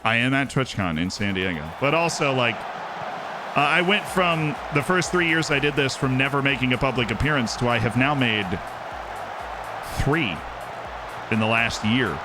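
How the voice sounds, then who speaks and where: A male game streamer talks at a middle pitch, chatting loosely between reactions to the match. He jokes with his chat and cheers or groans at each chance. Steady game music plays clearly behind him. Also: normal speed, pauses often. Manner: animated, joking, cheers and groans at the play. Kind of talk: live-stream commentary while playing and reading chat.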